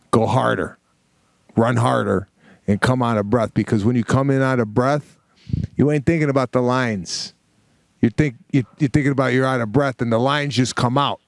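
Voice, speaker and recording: Man putting on a low, reassuring veteran-actor mentor voice, dry and close. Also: creaky, no echo, natural voice. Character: seasoned older male actor coaching calmly.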